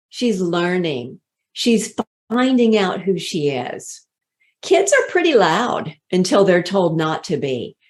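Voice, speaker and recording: A woman giving a motivational talk on leadership as a voice coach, speaking slowly and deliberately with drawn-out emphatic words. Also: medium pitch, a little mellow.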